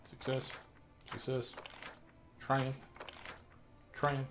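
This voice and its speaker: A man's voice: mid-range voice, completely flat delivery, extremely slow, music in the background. A man doing gameplay commentary, exasperated and swearing as he pleads with game characters. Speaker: let's play host.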